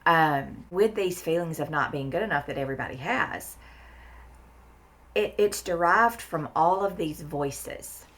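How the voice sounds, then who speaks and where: A woman's voice: deep voice, animated, measured pace, a bit bright, slight background noise. A woman talking in a casual podcast conversation, blunt and emphatic, swearing freely and repeating words for stress. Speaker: therapist guest.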